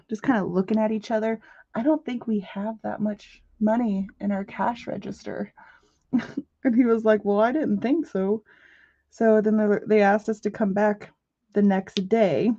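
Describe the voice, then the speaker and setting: A woman hosting a casual craft live stream, telling stories in an animated way and chatting back to viewer messages. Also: fairly high pitch. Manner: animated storytelling, quick asides to chat messages. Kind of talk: casual chat. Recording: muffled lo-fi audio.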